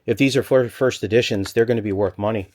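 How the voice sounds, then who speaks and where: A man vlogging from a storage locker, rambling and thinking aloud in an excited stop-start way, a little out of breath. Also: fairly low pitch, fast. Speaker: storage unit reseller. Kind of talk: excited unboxing vlog.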